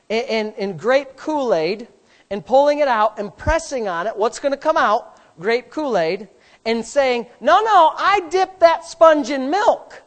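A woman preaching a sermon with a fairly high voice. She talks emphatically, repeating her lines and building to forceful peaks.

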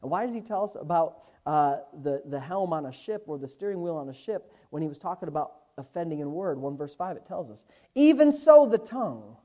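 A male pastor, preaching a Bible lesson, slowing down and swelling in volume when he quotes scripture. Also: on the high side, darkish tone. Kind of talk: sermon.

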